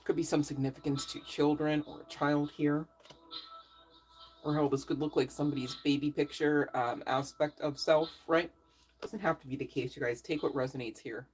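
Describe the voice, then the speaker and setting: A woman's voice: low voice, fairly even intonation, normal speed, darkish tone, slightly rough, low-quality recording. A woman reading tarot cards in a casual, chatty way, with playful asides and frequent "okay?" check-ins. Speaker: tarot reader.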